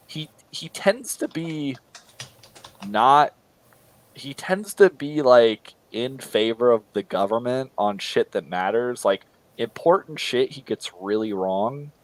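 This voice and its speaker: In a casual political livestream chat, a male co-host rambles with a medium-pitched, animated voice at a slow pace. He restarts often and mocks others with quoted voices. The recording is dry and the audio quality poor.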